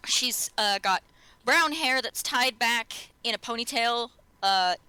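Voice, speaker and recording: Bright-voiced woman game master. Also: fairly high pitch, animated, takes it slowly, clean tone, no echo, poor audio. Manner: rambling, many fillers and restarts. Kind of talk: narrating a tabletop game.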